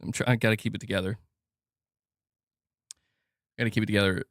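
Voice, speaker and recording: A man's voice: on the low side, fairly even intonation, fairly quick, fairly bright tone, no room sound, clean studio sound. A man hosting a casual gaming news livestream, reading donations aloud and joking and laughing with his chat.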